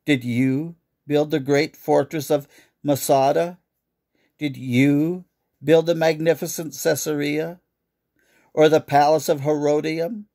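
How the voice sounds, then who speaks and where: A man's voice: on the high side, steady tone, slow pace, warm tone. A man reading as a raging, taunting tyrant king. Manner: taunting, roaring outbursts.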